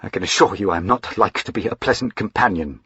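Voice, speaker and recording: A man's voice: lowish voice, fast talker, pushed and bright, breathy edge, dry recording, dull audio, heavily acted. A man voicing a moody, short-tempered young aristocrat with a clipped, sardonic way of speaking. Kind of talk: audiobook character voicing.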